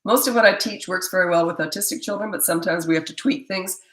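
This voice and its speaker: A woman's voice: on the low side, quick pace, fairly bright tone. A middle-aged woman, a parenting coach, answering viewer questions in a blunt, emphatic and opinionated way. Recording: echoey room.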